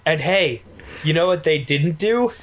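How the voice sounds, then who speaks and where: A man's voice: a little high, animated, a little slow, a little hiss or hum. A man co-hosting a casual podcast, riffing with playful jokes. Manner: playful, jokey riffs. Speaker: podcast co-host. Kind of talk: casual chat.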